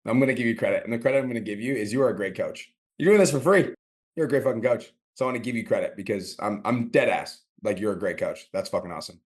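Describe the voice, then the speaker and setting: A man's voice: lowish voice, racing, hardly any pauses. A man coaching a caller in a blunt, profane, direct way. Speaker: business coach, host.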